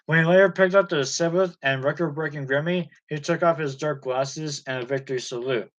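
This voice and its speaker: Male reader with a somewhat high voice for a steady, plain biography read. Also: fairly quick, low-quality recording. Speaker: audiobook reader. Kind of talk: reading a biography aloud.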